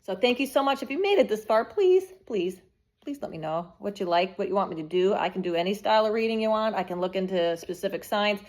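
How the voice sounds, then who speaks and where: A woman's voice: mid-range voice, quick pace, darkish tone. Blunt, profane woman reading tarot. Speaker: tarot reader.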